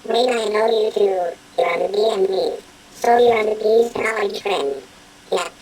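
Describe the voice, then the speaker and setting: A woman voicing a friendly talking siren in a fan animation, high and wide-eyed, drawing out her words. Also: normal speed, a little mellow, natural voice, poor audio. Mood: amazed.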